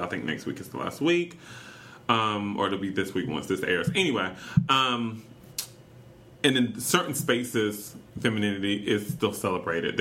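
A man with a North Carolina accent co-hosting a chatty podcast, animated and teasing, laughing often. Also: fairly low pitch. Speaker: podcast co-host. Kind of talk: casual chat.

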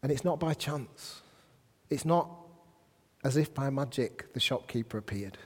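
A man preaching a sermon and reading scripture aloud, animated, swinging between soft asides and loud emphatic bursts. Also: medium pitch, unhurried, husky. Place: church hall. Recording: long hall reverb.

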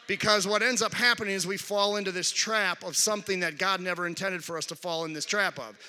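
A man's voice: high voice, fairly even intonation, a little fast, sharp tone, clear, resonant tone, in a large hall. A male pastor preaching a conversational sermon to his congregation, with frequent restarts and call-outs to the crowd. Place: large church hall.

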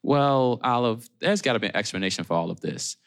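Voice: mid-range voice, animated, a little fast, a bit bright. Someone voicing a nervous, stammering pastor. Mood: reassuring. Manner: hesitant, stammering with many fillers. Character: hesitant, nervous male church pastor. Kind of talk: audio drama acting.

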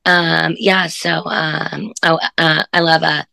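A woman's voice: deep voice, flat delivery, slow, gravelly, bright, forceful tone, no room sound. A woman comedian chatting on a podcast over a video call, rambling enthusiastically with lots of fillers. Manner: bubbly, rambling, filler-heavy. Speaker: comedian guest. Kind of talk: casual chat.

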